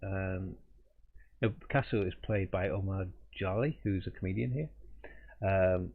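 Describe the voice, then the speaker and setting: A man's voice: low voice, normal speed, a little hiss or hum. A middle-aged man, an artist hosting a live drawing stream, telling a casual, rambling anecdote with chuckles and restarts. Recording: tinny phone-like audio.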